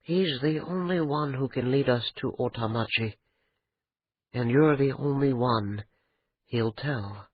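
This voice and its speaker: A man voicing an exhausted young man who speaks in a weary, flat way. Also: medium pitch, slow pace, narrow, tinny audio, a little hiss or hum, lightly acted.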